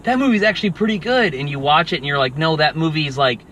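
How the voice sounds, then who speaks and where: Bright, higher-voiced man chatting in a car. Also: fast talker, slight background noise, rough recording. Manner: rambling, restarts, wry and mocking. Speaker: podcast co-host. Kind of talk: casual movie review chat. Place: inside a car.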